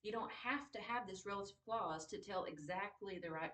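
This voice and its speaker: A woman's voice: mid-range voice, moderate pace, a bit bright. A woman teaching a writing class, patiently repeating key points and checking that her students understand. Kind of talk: classroom grammar lesson. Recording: roomy echo, distant mic.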